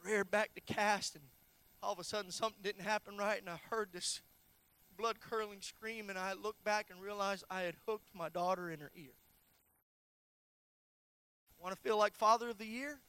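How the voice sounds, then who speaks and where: A male pastor preaching a sermon, telling a personal story and swinging between loud, urgent lines and hushed ones. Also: high-pitched, fairly even intonation, normal speed, long pauses, clear, resonant tone, no room sound. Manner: personal storytelling with repeated phrases.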